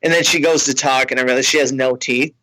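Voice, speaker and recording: A man's voice: medium pitch, steady tone, fast talker, sharp tone, no echo, rough recording. A man and comedian telling a story in a rambling, self-mocking way, laughing between lines. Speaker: comedian, podcast host. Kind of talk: casual storytelling.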